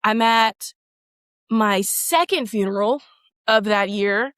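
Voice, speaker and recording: Woman in her 30s, a guest on a talk podcast, candid and emphatic, middle pitch, dry recording. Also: slow, a bit bright, smooth, no echo. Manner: emphatic and candid, with casual swearing and frequent "like". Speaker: podcast guest, former teacher and coach. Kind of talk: candid conversational interview.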